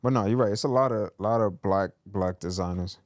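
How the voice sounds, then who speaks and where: A man's voice: lowish voice, brisk, no echo, studio quality. Laid-back man in casual podcast chat. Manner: laid-back, laughs often, playful boasting. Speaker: podcast co-host.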